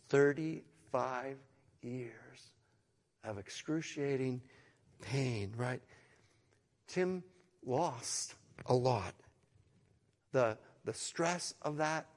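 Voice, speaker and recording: A middle-aged man preaching a sermon to an online congregation in an earnest way, moving from hushed, slow phrases to emphatic, louder ones and repeating words as he goes. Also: mid-range voice, long reverb tail. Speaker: pastor.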